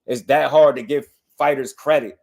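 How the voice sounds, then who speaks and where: A man's voice: mid-range voice, fairly even intonation, moderate pace, gravelly, a little mellow. A man hosting a boxing livestream, delivering a heated, impassioned rant to his viewers and hammering the same points again and again. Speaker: boxing channel host.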